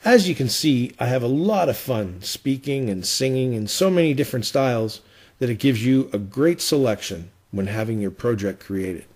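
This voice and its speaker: A man voice actor introduces his voice reel. He sounds friendly and upbeat, with a mid-range pitch. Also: expressive, moderate pace, a little mellow, breathy edge. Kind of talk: voice reel presentation.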